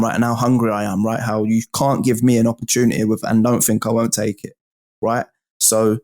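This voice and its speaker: A man tells a wild story from his past with restless energy, dropping curses and calling his listener bro and mate. His voice sits at an ordinary middle pitch, and his telling is loose and conversational. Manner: animated, swearing, addresses the host as bro and mate. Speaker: guest. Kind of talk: casual storytelling.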